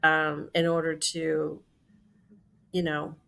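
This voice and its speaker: A woman in her sixties, a company CEO, telling a lively story in conversation and acting out the quoted dialogue. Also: sits low, takes it slowly, creaky.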